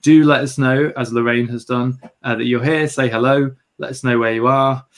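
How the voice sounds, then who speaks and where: A man's voice: medium pitch, fairly even intonation, moderate pace. A British man hosting a photography livestream, chatting casually and greeting viewers with light humour. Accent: British English. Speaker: livestream host.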